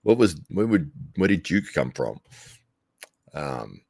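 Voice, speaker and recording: A man's voice: rumbling low, very animated, slow, gravelly, darkish tone, breathy edge, no room sound. An Australian man hosting a live commentary stream, rambling casually to viewers with frequent laughs and restarts. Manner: rambling, laughs often, self-correcting. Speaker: livestream commentary host. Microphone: desk microphone, no headphones.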